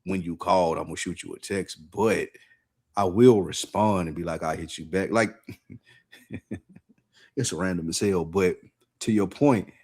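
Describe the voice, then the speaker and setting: A man's voice: low-pitched, a little slow, long pauses. A man co-hosting a podcast, telling a story in casual chat, laughing often and acting out other people's lines. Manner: animated storyteller, laughs often, acts out voices. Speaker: podcast co-host.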